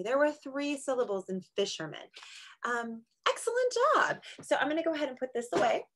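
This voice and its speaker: A woman running an online small-group lesson for little kids. Her voice is fairly high and lively, rising and falling a lot. She talks in a slow, exaggerated, encouraging teacher way, stretching out words as she claps syllables. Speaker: kindergarten teacher.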